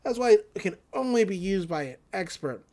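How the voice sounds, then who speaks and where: A woman's voice: mid-range voice, expressive, normal speed, darkish tone, lightly acted. A woman doing a slangy hipster love god. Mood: boastful. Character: laid-back hipster male love god.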